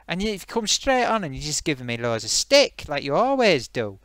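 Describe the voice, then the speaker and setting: A man playing a boastful sock-puppet host who rambles and hedges, his voice leaping around in pitch. Close, dry sound. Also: sing-song, normal speed, fairly bright tone, no echo. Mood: defensive. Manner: rambling, hesitant, lots of fillers. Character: gloating male sock puppet host, eager and defensive. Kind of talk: comedic puppet live stream.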